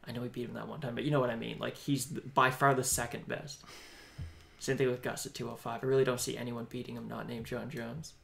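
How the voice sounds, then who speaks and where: A man co-hosting a live fight watch-along, commenting in a quick, joking, offhand way. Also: mid-range voice, level tone, creaky, a bit bright, a little hiss or hum. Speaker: co-host.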